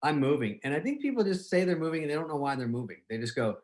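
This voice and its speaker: A male interviewer in a loose, joking conversation, laughing easily and slipping into little acted-out quotes. His pitch sits in the middle of the male range but swings widely, up and down, as he talks. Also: very animated, very fast, darkish tone. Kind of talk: casual comedic chat.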